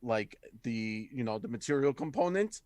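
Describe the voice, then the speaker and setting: A man's voice: medium pitch, expressive, moderate pace, a little mellow, no room sound. A man narrating a tabletop game as game master in a chatty way with many fillers. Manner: chatty, laughing, full of fillers.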